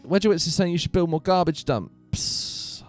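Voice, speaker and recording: A man hosting a casual gaming live stream from his home computer room, chatty and animated, laughing often. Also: fairly high pitch, normal speed, soft background music.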